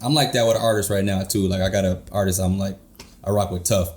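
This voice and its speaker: A man co-hosting a podcast, talking in an excitable, slangy way and saying "bro" a lot. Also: low-pitched, fast talker. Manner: excitable slangy talk, says "bro" often. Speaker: podcast co-host. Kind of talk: casual chat.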